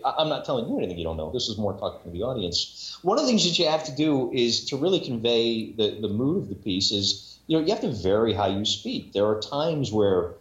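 A man's voice: mid-range voice, big pitch swings, a little fast, few pauses. A man in casual podcast chat about narrating audiobooks, rambling with many restarts and self-mocking asides. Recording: echoey room, dull lo-fi sound.

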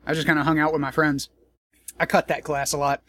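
A man's voice: fairly high pitch, level tone, fairly quick, a bit bright. A man in a casual commentary vlog, talking in a rambling, profane, joking way. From United States.

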